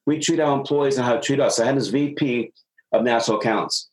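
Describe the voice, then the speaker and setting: A man's voice: mid-range voice, fairly quick, low-quality recording. A man working as a business consultant, giving advice in a casual talk and acting out dialogue as he tells stories. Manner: animated storyteller acting out dialogue.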